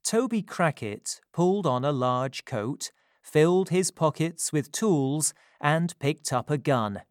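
With lively expression, this narrator works through a storybook at an intentionally unhurried, even pace. The pitch is middling, and the close, dry recording carries no trace of the room.

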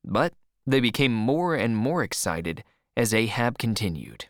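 A man reading a storybook chapter aloud in slow, clear and expressive scripted narration. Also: medium pitch, dry recording, studio quality.

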